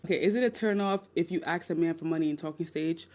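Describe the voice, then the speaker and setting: A young woman in her twenties with a New York accent, hosting a blunt, animated dating-advice livestream on her phone. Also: fairly low pitch, fast. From Nigerian, raised in New York. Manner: blunt, animated, crude humor. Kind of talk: casual livestream chat.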